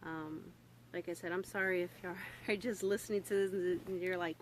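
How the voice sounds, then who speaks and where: Halting young Southern woman vlogging. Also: fairly low pitch, fairly even intonation, a little hiss or hum, poor audio. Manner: halting, full of fillers and restarts; candid and swearing. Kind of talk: casual confessional vlog. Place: home room. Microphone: phone on a stand.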